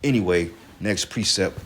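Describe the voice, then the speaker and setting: A man's voice: low voice, lively intonation, takes it slowly, a bit bright, husky. A man with a congested voice giving casual, heated religious talk, profane and ranting, with scripture readings between. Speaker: religious commentator.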